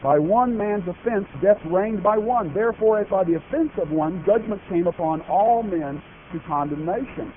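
A man's voice: high voice, normal speed, few pauses. Emphatic preacher man, tinny phone-like sound. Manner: emphatic, asks the congregation questions. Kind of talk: sermon. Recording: tinny phone-like broadcast audio with faint noise.

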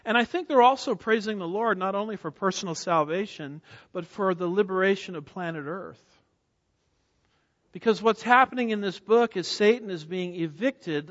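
A man with a high voice delivers an emphatic expository sermon, firing questions at his listeners and answering them. His voice carries through a church sanctuary with a long reverb tail, and the recording sounds somewhat muffled. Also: a bit bright. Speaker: preacher.

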